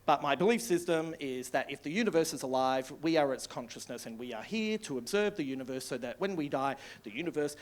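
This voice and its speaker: An Australian man in his sixties doing live stand-up comedy, rambling and sweary in an excitable storytelling manner. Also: a little high, a little fast, hardly any pauses. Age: 60s. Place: comedy club stage.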